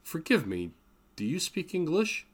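A man's voice: fairly high pitch, wildly swooping pitch, measured pace, slightly rough, voice pushed up, exaggerated voice. A man voicing a winded young American professor who grumbles wryly. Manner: wry, grumbling.

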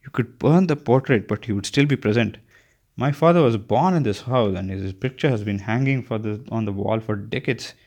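A man voicing an imperious, sharp-tongued elderly woman who is growing confused, speaking in a querulous, haughty manner. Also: lowish voice, moderate pace. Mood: stubborn.

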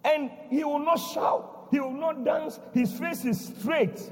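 A man preaching, telling a story dramatically and breaking into shouts. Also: very high voice, slow, long reverb tail. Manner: dramatic, bursts into shouting, repeats a refrain. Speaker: pastor. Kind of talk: sermon storytelling. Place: church.

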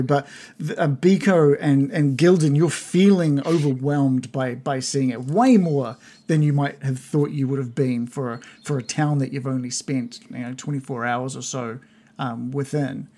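A game master narrating a tabletop game, halting, with many restarts. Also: mid-range voice, dark tone. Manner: hesitant, full of restarts.

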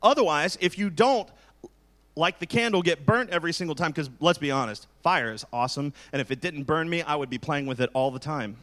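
A man's voice: a little high, fairly quick, fairly bright tone. A man in his forties, a pastor, preaching in a candid, joking, conversational way. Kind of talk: sermon.

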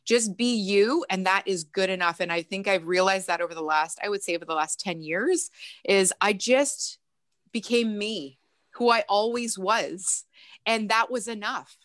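A woman who is a mindset coach, talking as a guest on a podcast in a lively storytelling way, laughing often. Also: medium pitch, normal speed, dry recording. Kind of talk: casual podcast interview.

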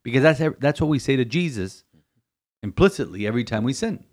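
A man's voice: medium pitch, expressive, a little fast. An emphatic priest preaching, man. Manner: emphatic, repeats phrases, stumbles and restarts. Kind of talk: podcast homily-style reflection.

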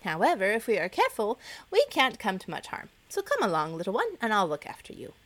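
A woman's voice: mid-range voice, wildly swooping pitch, fairly bright tone, no echo. A woman voicing a proud, bold young egg boy in a storybook reading. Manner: proud, confident, brisk.

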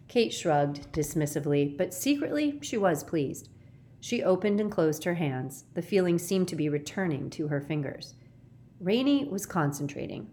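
A woman with a lowish voice reads a children's novel aloud, shaping each phrase with expressive storytelling. She paces the narration with clear, deliberate emphasis. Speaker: audiobook narrator. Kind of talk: audiobook reading.

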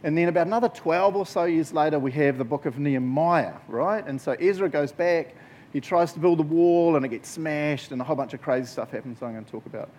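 A man's voice: a little high, quick pace. A man giving a casual, jokey Bible talk to a group as a youth preacher. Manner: jokey, conversational, animated storytelling.

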